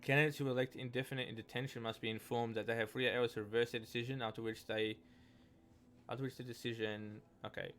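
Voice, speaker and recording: A man's voice: mid-range voice, little pitch movement, fast talker, fairly bright tone. A man giving casual gameplay commentary, reading in-game texts aloud in a rambling, hesitant way with many restarts. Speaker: let's play gamer.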